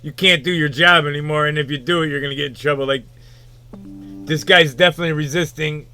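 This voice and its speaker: A man's voice: fairly high pitch, fairly even intonation, fast talker, bright, forceful tone, smooth. A man giving rambling, casual reaction commentary on a video, full of fillers and the odd swear.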